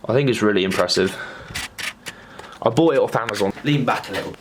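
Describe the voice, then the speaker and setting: A man's voice: lowish voice, a little fast, background noise. A young man chatting casually to a camera on a tripod, rambling and laughing often. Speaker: vlogger.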